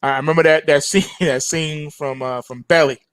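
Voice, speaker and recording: A man's voice: on the high side, fairly even intonation, normal speed, a bit bright, clean tone, dry recording. A man hosting a trading show, giving an emphatic, preachy market commentary full of slang and repetition.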